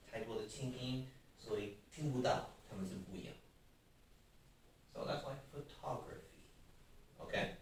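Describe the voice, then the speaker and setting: A man's voice: mid-range voice, a little hiss or hum. Male English teacher, patient and coaxing; heard from afar in a reverberant classroom. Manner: explains patiently, prompts students to repeat. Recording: very echoey room, from far off.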